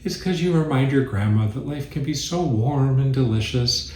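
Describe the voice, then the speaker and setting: A man voicing a patient mother gently explaining things to her children in a joke. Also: mid-range voice, normal speed, roomy sound, voice pushed up, natural voice. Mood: fond.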